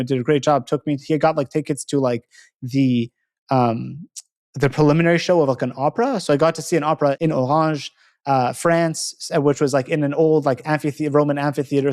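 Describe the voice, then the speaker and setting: A young podcast host from Montreal rattles along at a quick clip. His voice sits a little high for a man, and he rambles through his stories in a loose, casual way. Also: a little mellow. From Montreal, Canada. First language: English. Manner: rambling, many fillers and restarts, laughs easily. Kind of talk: casual interview chat.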